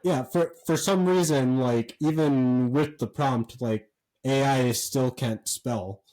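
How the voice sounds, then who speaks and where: A man co-hosting a podcast, telling a story in a rambling, animated way with lots of fillers and swearing. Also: mid-range voice, slow pace, low-quality recording. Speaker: podcast co-host. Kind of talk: casual chat.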